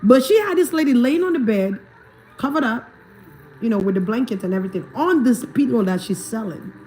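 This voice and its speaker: An African woman works as a spiritual reader on a livestream, talking casually, repeating her points emphatically, asking listeners whether they understand, and laughing often. Her voice is a little high, brisk and warm, with lively intonation and slight background noise.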